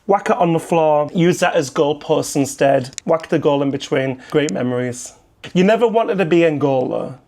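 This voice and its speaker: A man's voice: on the high side, normal speed, a little mellow. A young man from England with a British accent, chatting casually and jokingly as he reacts to a documentary and explains slang for viewers abroad. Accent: British English. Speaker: YouTube commentator.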